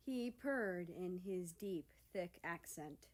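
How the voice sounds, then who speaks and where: A woman's voice: lowish voice, measured pace, a little mellow. Woman reading a story aloud. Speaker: story reader. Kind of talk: fan fiction audiobook reading.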